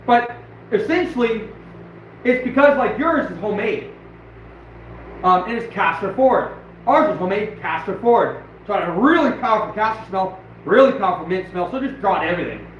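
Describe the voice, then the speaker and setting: A man with a high voice chats casually on a live stream, wandering through his points with plenty of "um" and "like." The sound is a bit dull and carries faint background noise, as though it was picked up some distance from the mic in a reverberant room. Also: animated, brisk. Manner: loose, rambling, with many fillers.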